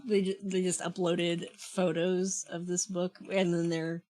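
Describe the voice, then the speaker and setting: A soft-spoken woman co-hosting a casual podcast chat, laughing often and chiming in with short agreeing murmurs. Her voice sits low, and she speaks very slowly and unhurriedly. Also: flat delivery. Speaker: podcast co-host.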